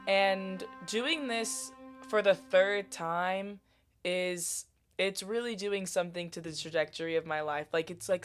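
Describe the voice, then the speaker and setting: A young woman in her twenties giving a sarcastic, profane comedic reaction to a movie as a YouTuber. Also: lowish voice. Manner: sarcastic, profane, bursts into shrieks.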